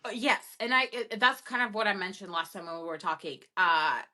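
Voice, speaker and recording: A woman co-hosting a casual podcast, emphatic and expressive, often acting out what people say. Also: mid-range voice. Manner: expressive and emphatic, quick to act out lines. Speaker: podcast co-host. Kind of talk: casual chat.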